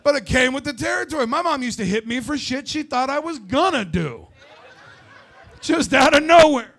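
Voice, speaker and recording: A man in his forties doing a stand-up comedy set, brash and loud with crude storytelling. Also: very high voice, lively intonation, moderate pace, creaky. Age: 40s.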